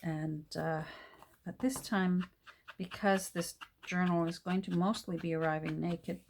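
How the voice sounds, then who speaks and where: A middle-aged woman from Canada rambles in casual chat while crafting a handmade journal at her home craft table, frequently leaving sentences unfinished. Her voice is low-ish, gravelly and darkish, with a little background noise.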